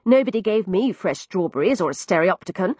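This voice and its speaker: Lively, breathy woman reading a storybook. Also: medium pitch, fairly quick, dry recording. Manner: lively, wry, expressive storytelling. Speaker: audiobook narrator. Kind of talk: first-person scripted narration.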